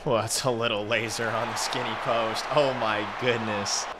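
A young man commenting on his own video game, frustrated and swearing, muttering low then suddenly yelling. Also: steady tone, moderate pace, a loud crowd, heavy background noise. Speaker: gaming streamer.

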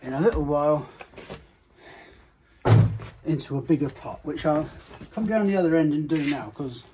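Brief: nursery owner, male, a little high-pitched, blunt and sweary, recorded outdoors with noise behind him. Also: normal speed. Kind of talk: casual chat.

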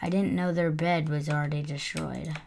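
Excitable woman gaming commentator. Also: low-pitched, moderate pace, gravelly, background noise. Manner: excitable, swings from muttering to yelling. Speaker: gaming video creator. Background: faint keyboard typing and clicks.

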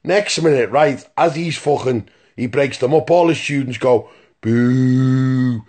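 A man's voice: medium pitch, normal speed, a little mellow, breathy edge. Swearing man telling a yarn. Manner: rambling, profane, keeps checking in with "right?". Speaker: storyteller. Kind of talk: casual voice-note anecdote. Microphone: phone voice message.

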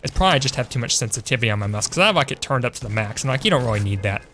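A man's voice: mid-range voice, expressive, very fast, bright, forceful tone, slight background noise. A young man casually commentating his game for a live stream at home, chatty, calling his viewers "boys" and answering chat. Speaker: gaming streamer. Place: home room.

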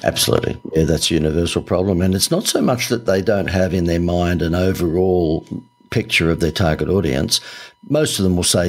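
A man's voice: deep voice, brisk. A middle-aged Australian man telling stories as a podcast guest, chatty and laughing often with many fillers. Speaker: guest, ad agency founder. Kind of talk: podcast interview storytelling.

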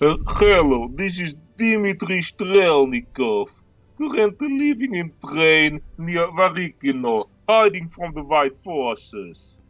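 An actor playing a goofy young Russian would-be rapper calling in, speaking in a Russian accent with broken grammar. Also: male voice, a little high, big pitch swings, slow pace, a bit bright, dry recording, highs cut off, exaggerated voice. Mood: earnest. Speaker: caller.

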